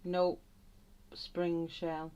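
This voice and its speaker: A woman's voice: fairly low pitch, monotone, drawn-out words, warm tone, smooth, lo-fi sound. A woman hosting a live colouring stream from home, chatting casually and reading out viewer comments between strokes. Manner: chatty, laughs often, reads out viewer comments. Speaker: coloring livestream host. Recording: noisy home recording with pencil clicks.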